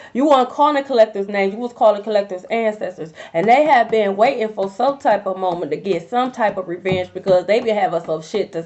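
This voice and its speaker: A young woman giving a casual tarot reading to her viewers, blunt and profane, full of slang. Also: on the high side. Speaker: tarot reader. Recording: dull lo-fi recording.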